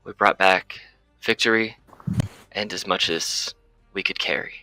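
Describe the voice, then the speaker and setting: A man's voice: deep voice, steady tone, unhurried, bright, forceful tone, no echo, soft background music, exaggerated voice, rough recording. Man voicing a dutiful Viking warrior. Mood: earnest. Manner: formal, earnest report.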